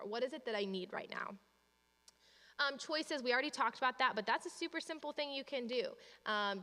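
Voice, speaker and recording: A woman with a bright, forceful, fairly high voice leads a training session for parents. She talks in a practical, reassuring way and acts out short exchanges between parent and child. The sound carries a long reverb from the church hall.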